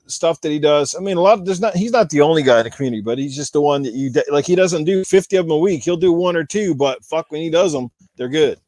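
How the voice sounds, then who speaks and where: A man's voice: on the high side, animated, fast talker, few pauses, a little mellow, no echo. A middle-aged man from Canada hosting a casual gaming podcast, rambling and swearing freely. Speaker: podcast host.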